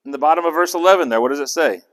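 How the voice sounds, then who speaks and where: Animated male Bible study teacher. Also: fairly high pitch, rapid-fire. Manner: animated, conversational, asks the group questions.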